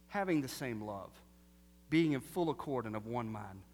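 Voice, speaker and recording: A man preaching a sermon, animated and full of rhetorical questions, swinging between loud bursts and hushed lines. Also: on the high side, moderate pace. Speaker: pastor. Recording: long reverb of a large hall.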